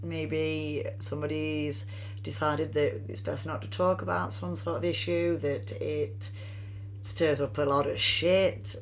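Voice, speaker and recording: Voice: medium pitch, little pitch movement, slow, creaky, slight background noise. A rune reader giving a meandering, free-associating reading with chatty asides. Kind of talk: slow intuitive card-style reading.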